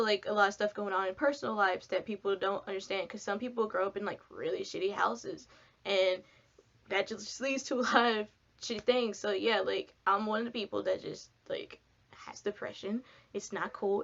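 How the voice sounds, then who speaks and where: A woman's voice: mid-range voice, a bit bright, muffled recording. A young woman telling a long, rambling storytime for her vlog, full of fillers and casual swearing. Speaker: vlogger. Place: home, sitting down.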